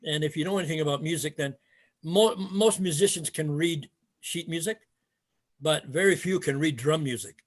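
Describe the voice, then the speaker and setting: An older man, retired from teaching martial arts and from Canada, tells rambling stories in a casual interview, full of fillers and restarts. His voice is a little high and his pace moderate.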